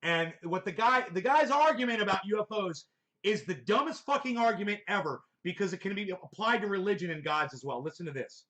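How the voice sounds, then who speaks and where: A man's voice: high voice, animated, a little fast, bright, forceful tone. A man hosting a reaction show, ranting angrily and swearing at the clips he plays. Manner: angry, profane, mocking. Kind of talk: ranting commentary over clips.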